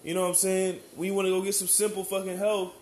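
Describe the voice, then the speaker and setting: An American man delivers a heated, rambling rant in a somewhat high voice. His talk is full of profanity and restarts. He keeps checking in with the listener. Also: monotone, fast, a little mellow, slight background noise. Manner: keeps asking "you know what I'm saying". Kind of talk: ranting monologue.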